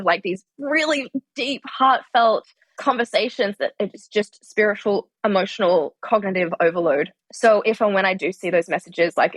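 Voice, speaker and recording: Woman, yoga teacher, podcast guest, earnest, heartfelt, middle pitch, dry close sound. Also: fairly bright tone, no room sound. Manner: earnest, heartfelt, frequent "like" fillers, laughs easily. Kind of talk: reflective interview conversation.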